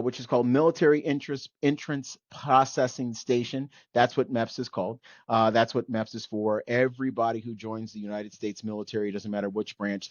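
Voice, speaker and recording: A middle-aged man tells a story in a casual podcast chat. He talks in animated bursts and keeps checking in with "okay?" along the way. The recording is dry and a little dull. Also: mid-range voice, dry recording. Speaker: podcast host.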